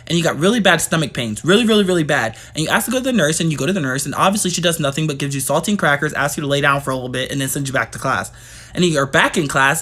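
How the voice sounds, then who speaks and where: Fast, rambling young man with a raised voice. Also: a little high, a bit bright. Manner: rambling, crude, exasperated retelling. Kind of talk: casual storytime monologue.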